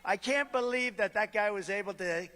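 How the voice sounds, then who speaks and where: A man's voice: high voice, moderate pace, sharp tone. A man giving a campaign rally speech off-script, rambling and boastful, with sarcastic asides and repeated phrases. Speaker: political speaker at a rally. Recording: long reverb of a large venue.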